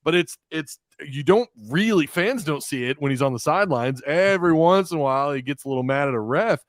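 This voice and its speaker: A man hosting a casual sports talk show, animated and quick to laugh. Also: on the high side, no room sound, studio quality. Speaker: podcast host.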